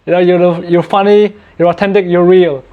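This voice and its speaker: A man's voice: high voice, little pitch movement, moderate pace, smooth, phone-quality sound. A young man from India hosting a casual Q&A for his channel, chatty and self-mocking, laughing often. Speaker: YouTube channel host. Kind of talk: casual Q&A chat.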